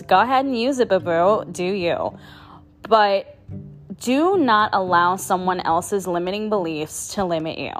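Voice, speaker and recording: A woman hosting her own podcast, talking in a casual motivational monologue, chatty, laughing often and swearing for emphasis. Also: medium pitch. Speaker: podcast host.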